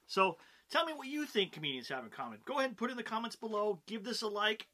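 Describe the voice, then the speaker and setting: Bright, upbeat man hosting a comedy show. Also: high-pitched, animated, fast. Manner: chatty, upbeat, frequent "right?" and "you know" asides. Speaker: host of a show about comedy. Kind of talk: casual talking-head explainer.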